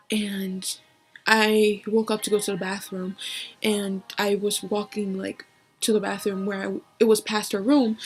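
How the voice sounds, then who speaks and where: Young woman telling a hard story, halting. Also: mid-range voice, low-quality recording. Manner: halting and emotional, many fillers, drops to a whisper. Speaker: vlogger. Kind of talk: personal story told to camera.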